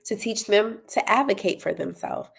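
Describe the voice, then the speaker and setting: A woman with a medium-pitched voice, vocal fry, and a breathy edge speaks at a normal speed. She's a parenting coach and tutoring business owner running a parenting talk, encouraging and checking in with listeners while promoting her tutoring company.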